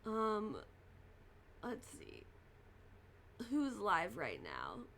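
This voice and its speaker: A woman's voice: medium pitch, wildly swooping pitch, very slow, gravelly, fairly bright tone, slight background noise. A young woman streaming a game, talking casually to her chat in a sick, congested voice, tired and apologetic as she holds back a cough. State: fighting a cough. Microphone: desk mic, no camera.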